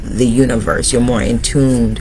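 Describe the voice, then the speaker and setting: A man's voice: mid-range voice, fairly even intonation, a little slow, a little mellow, slight background noise, low-quality recording. Motivational male tarot reader. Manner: motivational, addresses viewers directly. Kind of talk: spiritual tarot reading to viewers.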